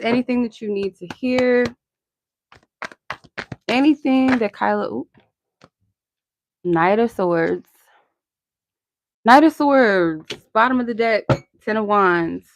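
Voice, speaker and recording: A woman's voice: fairly high pitch, normal speed, dry recording, dull audio. A young woman hosting a live-stream tarot reading, chatty and rambling, answering her chat and laughing often.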